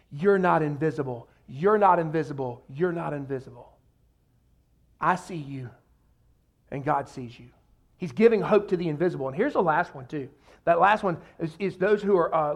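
A man preaching a sermon in a lively, conversational way, often acting out quoted voices and using casual asides. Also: high-pitched. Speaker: pastor.

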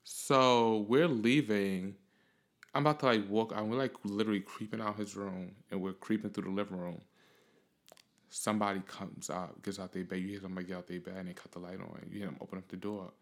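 A young man hosting a podcast, telling a rambling, profane story in a casual, animated way. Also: lowish voice, a little fast. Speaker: podcast host.

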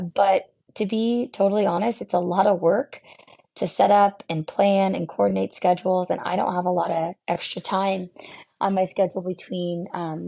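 Gravelly low-voiced woman losing her voice. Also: darkish tone. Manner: candid, reflective, halting with fillers. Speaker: podcast host and therapist. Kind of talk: casual solo podcast talk.

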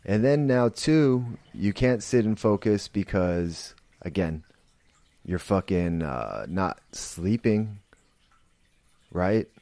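Male podcast host, deep dark voice, unhurried, swears freely, rambles and restarts. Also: animated, dry recording. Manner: blunt, profane, rambling with restarts. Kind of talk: casual monologue.

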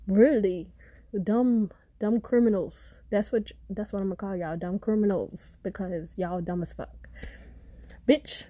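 A woman from Florida vents in a casual podcast rant, blunt and exasperated, swearing at every turn. Her voice has a mellow, warm tone at a middle pitch. The recording is dry and close, with no room sound. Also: no echo. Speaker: podcast host.

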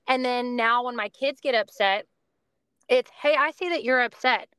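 A woman's voice: fairly high pitch, moderate pace, fairly bright tone, clear, resonant tone, dry recording. A woman in her thirties, a podcast guest, talking earnestly and reflectively about faith and parenting in long, flowing runs. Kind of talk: casual faith-based conversation.

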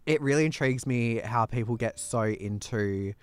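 A young Australian man from Perth co-hosting a podcast, playful and animated as he tells stories. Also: mid-range voice, moderate pace, clear, resonant tone. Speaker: podcast co-host. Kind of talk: casual chat.

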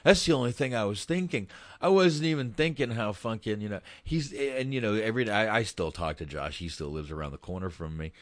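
Brief: male podcast host, profane and rambling, low pitch. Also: fairly quick, hardly any pauses, dry recording, clean studio sound. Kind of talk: casual chat about a film.

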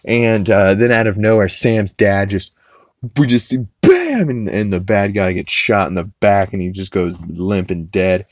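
A man's voice: lowish voice, lively intonation, no room sound, clean studio sound. A man hosting a podcast, rambling through a casual recap of a cartoon episode and swearing freely. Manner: rambling, quotes characters in quick put-on voices, swears freely.

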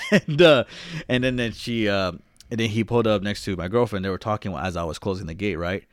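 A man's voice: lowish voice, fairly even intonation, quick pace, dry recording, clean studio sound. A young man telling a long story in casual chat, rambling and swearing, calling his friend "bro".

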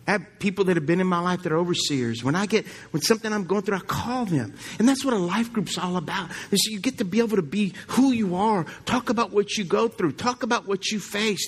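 Preaching in a church, this pastor speaks conversationally and puts questions to his congregation. His male voice is high-pitched and a bit bright.

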